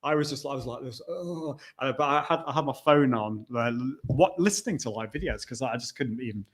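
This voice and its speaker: Hosting a live stream, this fast-talking man speaks at a medium pitch. His manner is chatty, with restarts, as he banters with a guest and reads viewer comments aloud.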